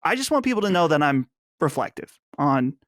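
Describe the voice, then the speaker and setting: Guy co-host, kinda high voice, rambly and mock serious, dry mic. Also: sing-song, a little fast, a bit bright, no room sound. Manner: earnest, mock-solemn and rambling. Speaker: podcast co-host. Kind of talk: casual chat.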